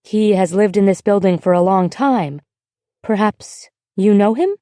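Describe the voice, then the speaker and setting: A glamorous young woman from a storybook, gentle and kindly, speaking softly to a child next door, played by a woman narrator. Her voice is mellow and low-key, recorded close and dry. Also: measured pace, no echo, close to an everyday voice.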